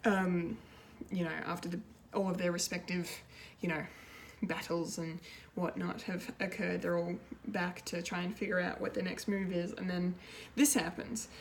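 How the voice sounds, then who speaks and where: A woman reviewing a TV episode in a casual, rambling way, excitable and full of fillers and restarts. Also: fairly low pitch, normal speed, few pauses, slight background noise. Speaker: pop culture reviewer, show regular.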